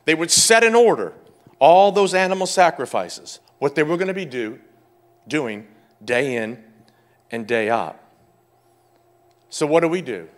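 A male pastor preaching a sermon with fervent energy, rising to loud exclamations and dropping to quiet explanation. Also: a little high, very animated, unhurried, long pauses.

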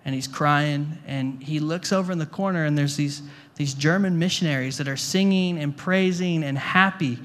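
A man's voice: on the high side, moderate pace, hardly any pauses, fairly bright tone. A male pastor preaching a sermon to a congregation in a conversational way, repeating words and asking the room questions. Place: church hall before a congregation.

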